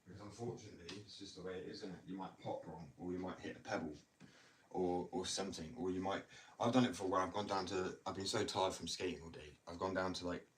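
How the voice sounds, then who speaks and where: A man with a very low voice talks quickly in a loose, rambling way, leaning on "like" and "you know". He speaks from some distance to the mic at home, over a faint hiss of noise. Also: steady tone. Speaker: skateboarder talking about skating. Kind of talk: casual chat. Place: indoors at home.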